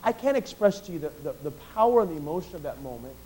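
A middle-aged man preaching a sermon, swinging between loud, emphatic declarations and quiet, personal storytelling, often repeating and restarting phrases. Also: fairly high pitch, sing-song, quick pace, breathy edge, poor audio.

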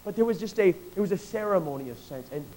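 A middle-aged man preaching a sermon, swinging between loud, emphatic declarations and quiet, personal storytelling, often repeating and restarting phrases. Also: high-pitched, animated, fast, a little hiss or hum, rough recording.

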